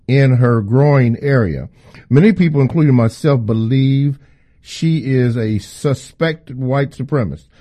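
A male radio host reading a listener's email aloud in a measured, plain way. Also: medium pitch, mellow.

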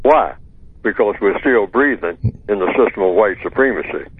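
Male radio guest calling in on a phone line, lo-fi and dry, measured and lecturing. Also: lowish voice, expressive, slightly rough, dry recording. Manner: measured, lecturing, asks and answers his own rhetorical questions. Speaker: guest expert on call-in radio. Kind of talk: talk radio discussion. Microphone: telephone.

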